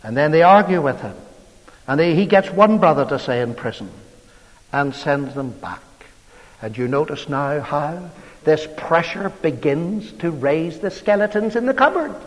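A man with a high voice preaches a sermon, telling the old story with dramatic, emphatic swings. His words ring out with the long reverb of a large hall. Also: animated, normal speed.

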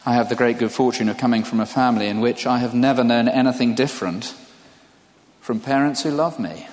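A man's voice: mid-range voice, fairly quick, a little mellow. An older man preaching a sermon in a conversational way, putting questions to his listeners. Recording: long hall reverb.

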